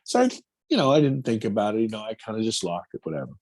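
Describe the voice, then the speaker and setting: A man, a film producer, telling a personal story in an interview, animated and acting out his own quotes. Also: fairly low pitch, quick pace.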